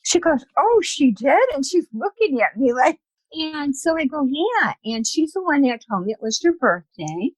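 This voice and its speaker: A woman's voice: high voice, moderate pace, no echo, rough recording. Chatty woman telling stories, dry sound. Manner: lively, chatty, acts out quoted dialogue. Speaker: guest, spiritual medium. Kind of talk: casual storytelling in an interview.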